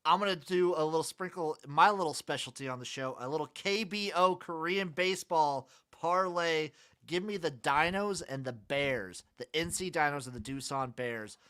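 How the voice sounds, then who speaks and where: A man co-hosting a casual sports betting podcast, listing his picks with dry, deadpan jokes. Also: fairly high pitch, normal speed, clean tone. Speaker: podcast co-host.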